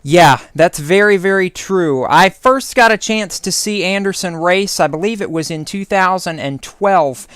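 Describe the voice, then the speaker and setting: A man's voice: sits high, a little slow, hardly any pauses, a bit bright, clear, resonant tone, dry recording. A man co-hosting and producing a motorsports radio talk show, talking eagerly and enthusiastically.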